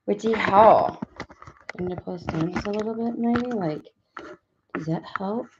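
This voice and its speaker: A woman's voice: lowish voice, moderate pace, background noise. Rambling, swearing woman in a roomy room. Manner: rambling and chatty, swears freely. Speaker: tarot reader hosting a live stream. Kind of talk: casual live-stream chat. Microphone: webcam. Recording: roomy, slightly dull home webcam audio.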